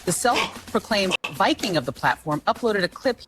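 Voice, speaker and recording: A female synthetic voice playing a television news presenter, reading a report in a formal, even delivery, in a noisy clip. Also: mid-range voice, normal speed, lightly acted.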